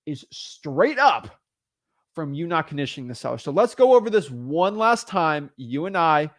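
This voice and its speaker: A man teaching real estate wholesaling in an energetic, animated way, often restarting and repeating words as he talks. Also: a little high, normal speed, dry recording, clean studio sound. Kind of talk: energetic teaching with phone role-play. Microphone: studio microphone.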